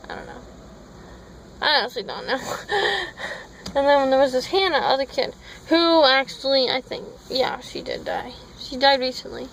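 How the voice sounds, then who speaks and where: A woman's voice: high voice, fairly bright tone, rough recording. A woman tells a long, rambling story for her vlog, wandering off on tangents and stopping to correct herself. She is recorded on a phone, with a faint hum of noise underneath. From Minnesota. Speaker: vlogger.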